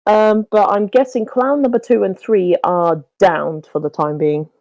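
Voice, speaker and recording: A woman's voice: mid-range voice, steady tone, unhurried, darkish tone, dry recording, lo-fi sound. A woman playing a tabletop game, chatty and musing as she thinks aloud. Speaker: player. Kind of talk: casual tabletop play.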